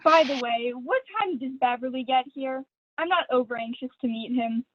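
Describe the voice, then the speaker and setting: Over dry, tinny video call audio with no room sound, a teen girl at home plays a catty, vain stage diva who gushes glamorously for a school play. Her high voice moves at a normal speed, and she sounds theatrical, affected, and honeyed.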